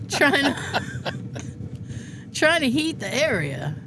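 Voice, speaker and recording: A woman's voice: sits high, big pitch swings, extremely slow. A woman in her fifties hosting a podcast, telling rambling stories with frequent laughter. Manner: rambling storyteller, laughs often. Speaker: podcast host. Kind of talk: casual chat. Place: indoor room with a space heater running. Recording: noisy room with heater hum.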